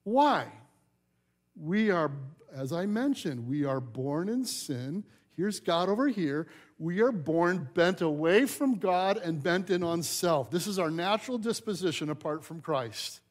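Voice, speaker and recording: A male pastor with a notably high-pitched voice preaches to his congregation. He is animated and conversational, and he acts out the people in the story and throws questions to the pews. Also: unhurried. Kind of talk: sermon.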